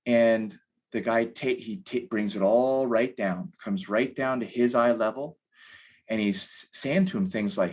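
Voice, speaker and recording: A man's voice: lowish voice, a little slow, darkish tone. A man in his thirties, a podcast guest talking candidly in a rambling way, full of fillers. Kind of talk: casual conversation.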